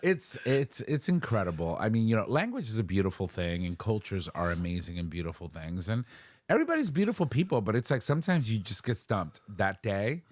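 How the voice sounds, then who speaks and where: Animated man telling stories on a podcast. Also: lowish voice, fairly quick, no room sound. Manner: animated storyteller, quoting others in lively voices. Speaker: podcast host. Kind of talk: casual chat.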